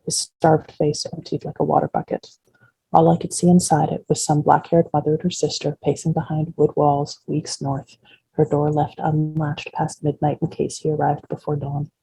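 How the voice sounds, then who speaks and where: An author reading her first-person novel aloud in a measured, unhurried way. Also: deep voice, completely flat delivery, gravelly, dark tone, husky, dry recording, poor audio.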